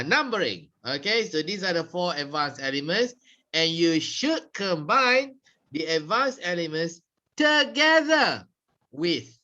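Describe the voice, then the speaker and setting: A man leads a public speaking class, his high, bright voice leaping around as he demonstrates stress and tone. He talks at an unhurried pace, and the recording sounds dull and lo-fi. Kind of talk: classroom lecture.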